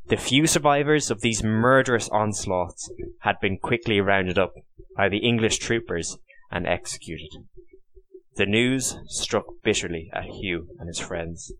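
A man's voice: fairly low pitch, a bit bright. Man narrating a historical novel. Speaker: audiobook narrator. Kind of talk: scripted narration.

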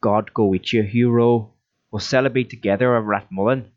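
A man voicing an excitable, loyal young rebel who speaks in urgent exclamations, recorded with a dull, lo-fi sound. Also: lowish voice, normal speed, dry recording, lightly acted. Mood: insistent.

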